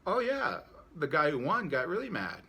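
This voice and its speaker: A chipper, clever city man who sounds delighted with his own schemes, voiced by a man telling a story. His voice jumps up high and bright whenever he speaks, with a quick, easy confidence. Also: wildly swooping pitch, breathy edge, heavily acted. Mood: breezy. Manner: upbeat, breezy, pleased with himself. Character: shrewd cheerful city man buying a donkey.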